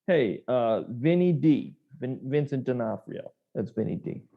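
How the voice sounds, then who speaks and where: A man's voice: mid-range voice, animated, measured pace, vocal fry, phone-quality sound. A man co-hosting a podcast in loose, rambling casual chat, swearing and acting out quotes. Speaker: podcast co-host.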